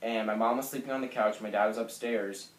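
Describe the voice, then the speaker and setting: A young man in his late teens telling a personal story to camera, soft and halting with lots of fillers. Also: on the low side, fairly even intonation. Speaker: vlogger. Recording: echoey room.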